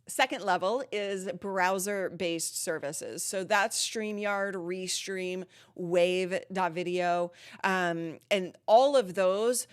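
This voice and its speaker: A woman's voice: lowish voice, smooth. A woman hosting a live streaming Q&A from her home studio, chatting casually with lots of ums and laughs, a bit out of breath. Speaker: live streaming channel host.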